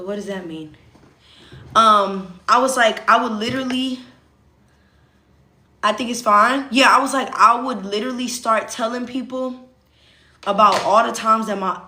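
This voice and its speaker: A young woman rambles through a casual livestream chat, talking straight to her viewers in a bright, sharp-edged voice. Her voice rings in a roomy space with plenty of echo. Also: on the high side. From Southern United States. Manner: chatty, rambling, addresses viewers as y'all. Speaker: streamer.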